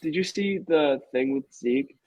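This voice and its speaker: A man's voice: a little high, a little slow, no room sound, rough recording. A man co-hosting a podcast, chatting casually about sports and jumping in with hot takes. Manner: excitable, jumps in with hot takes. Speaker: podcast co-host.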